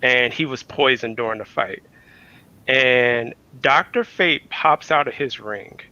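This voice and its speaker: A man's voice: medium pitch, takes it slowly, bright, forceful tone. A man guest on a casual podcast, retelling a story in a rambling way with many fillers. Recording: dull lo-fi mic.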